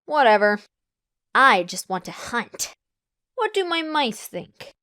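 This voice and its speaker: A woman's voice: fairly high pitch, big pitch swings, takes it slowly, pushed and bright, no echo, studio quality, full character voice. A woman reading a fan audiobook and voicing a cocky young female pegasus pony who leads a vampire pack, brash and teasing. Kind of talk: audiobook character voice.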